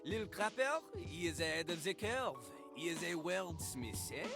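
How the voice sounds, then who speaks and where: An actor voices a cocky male toilet rapper in a video game, rapping over a beat with game music behind him. The character boasts and refers to himself in the third person. The voice sits on the high side, sing-song and unhurried.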